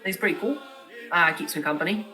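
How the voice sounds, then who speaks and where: A man's voice: high voice, fast talker, sharp tone, faint music behind. A man playing a tabletop role-playing game, in character, rambling and hesitant with lots of fillers.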